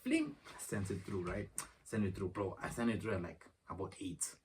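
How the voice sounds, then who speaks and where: Recording on his phone in a room at home, a young vlogger rambles through a slangy story, retelling exchanges as dialogue. His voice is low-pitched with fairly even intonation and a moderate pace, heard through a distant phone mic with faint noise.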